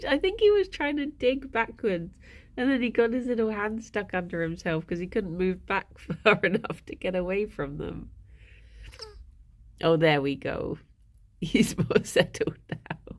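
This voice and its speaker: A woman's voice: medium pitch, slow pace, long pauses. A woman, livestreaming and chatting casually with viewers, rambling and laughing often.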